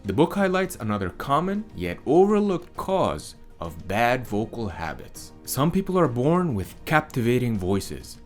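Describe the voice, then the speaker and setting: Emphatic low-voiced male voice coach. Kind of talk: scripted teaching monologue.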